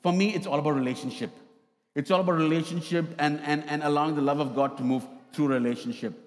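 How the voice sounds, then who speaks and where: A man's voice: on the high side, quick pace, in a large hall. A man preaching a sermon as a pastor, telling a story and acting out both sides of a conversation. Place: church hall.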